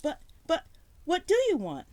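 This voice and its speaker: A woman's voice: high-pitched, wildly swooping pitch, measured pace, warm tone, pitched above the performer's own voice, heavily acted. Woman doing a stammering nervous businessman. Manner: stammering, pleading.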